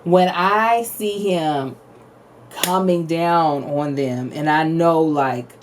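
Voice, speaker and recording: A woman in her thirties co-hosting a podcast, telling animated family stories, acting out quotes and laughing often. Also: low voice, slow, recorded from a distance. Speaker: podcast co-host. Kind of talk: casual chat.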